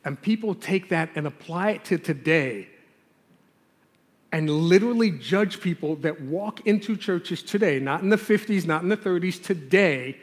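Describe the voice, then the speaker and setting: A man's voice: high voice, lively intonation, moderate pace. Earnest preaching man in a reverberant hall. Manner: earnest, conversational preaching with emphatic stresses. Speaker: pastor. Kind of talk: sermon.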